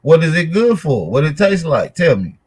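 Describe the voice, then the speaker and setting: A man's voice: a little high, sing-song, normal speed, a little mellow, a little hiss or hum. A man hosting a livestream, bantering casually and mocking a caller in a brash, profane way. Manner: brash, mocking, trash-talking. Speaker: livestream host.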